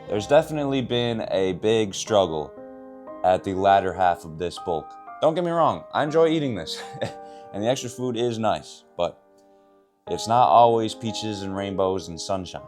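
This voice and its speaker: A young man with a fairly low voice vlogs straight to camera about his training, teasing himself and breaking into laughs. Soft music plays faintly beneath him. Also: expressive, measured pace, pauses often. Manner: self-mocking, joking, laughs often. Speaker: fitness vlogger. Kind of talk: casual self-filmed vlog.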